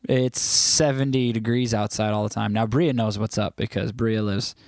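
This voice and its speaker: Speaking at a normal speed, this fairly low, slightly mellow male voice keeps a steady tone. He's a US livestream host at home, joking around as he reads chat messages and occasionally singing snippets. The studio-quality audio has no room sound.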